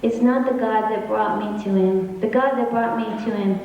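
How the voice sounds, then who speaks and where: A woman singer talking to her audience between songs, in a halting, heartfelt way with many restarts. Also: fairly high pitch, fairly even intonation, a little mellow, a little hiss or hum. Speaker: singer on stage. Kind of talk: stage talk between songs. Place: concert hall. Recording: echoey hall from far off.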